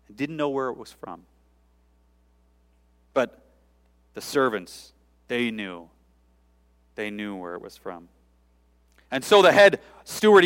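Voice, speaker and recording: A male pastor delivering a sermon in a casual, conversational manner, stepping aside often to explain. His pitch sits in the middle but swings animatedly from phrase to phrase. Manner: conversational, informal preaching with asides.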